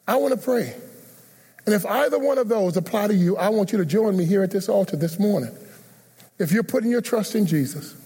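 A male pastor with a high, mellow, slightly husky voice gives an earnest sermon altar call, pleading with listeners again and again to come forward. His words carry a long echo, as if he is in a large church hall. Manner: earnest, repetitive pleading invitations. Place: church sanctuary.

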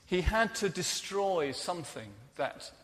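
A man preaching a sermon, telling the story earnestly and often dropping soft and quiet. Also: high voice, expressive, unhurried, in a large hall.

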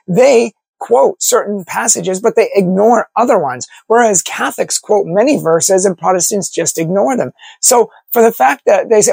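A man's voice: high voice, moderate pace, gravelly, hardly any pauses, a little mellow, breathy edge, dry recording. A man, a Catholic apologist, delivering an argumentative monologue full of rhetorical questions. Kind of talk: opinion monologue to camera.

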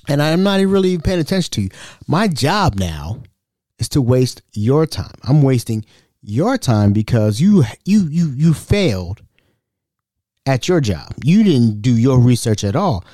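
Man, podcast host, casual rant, very expressive pitch, dry room. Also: measured pace, dry recording. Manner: animated ranting, repeats words, mocks callers in high voices.

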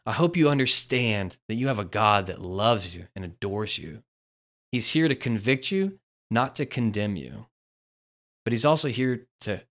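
A man with a somewhat low voice hosts a devotional podcast. He talks earnestly and builds his points like a storyteller. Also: a bit bright. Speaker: podcast host.

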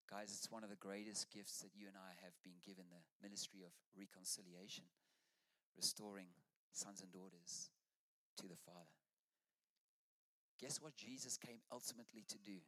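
A man's voice: low voice, steady tone, normal speed, sharp tone, in a large hall. An Australian man preaching a sermon to his church, rousing and urging the congregation on. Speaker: pastor.

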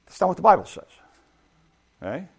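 A man's voice: sits high, very animated, brisk, vocal fry, breathy edge. A middle-aged man preaching a sermon in a conversational way, asking his listeners rhetorical questions. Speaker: pastor.

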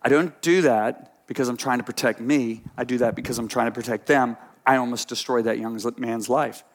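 A pastor with a mid-range voice preaches briskly, recounting stories with animation. He shifts back and forth between quiet side remarks and emphatic points.

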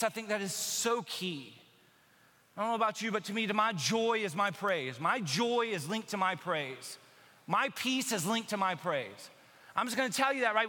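A man preaching a sermon in a lively, conversational way, acting out quotes and shifting between loud asides and quiet, low emphasis. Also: big-room sound. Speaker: pastor. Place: church sanctuary.

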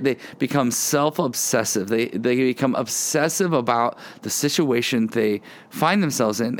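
A man preaching a sermon outdoors in the wind, earnest and repeating words as he acts out quoted voices. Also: medium pitch. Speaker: pastor. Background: wind noise.

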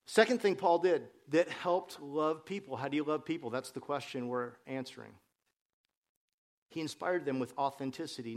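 A male pastor preaching a sermon, telling stories and jokes, his voice rising and dropping with the points he makes. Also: mid-range voice.

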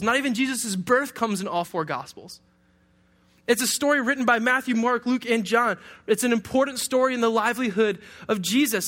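A young man from Detroit delivers a sermon in a notably high voice. He preaches in a loose, joking way, with humorous asides to his listeners. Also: a bit bright. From Detroit, USA. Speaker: pastor.

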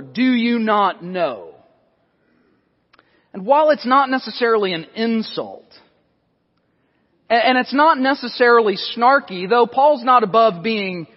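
A male pastor preaching an expository sermon in a church, his voice sitting high. He talks conversationally, restarting phrases and adding asides. The recording is dull and lingers in a long sanctuary reverb.

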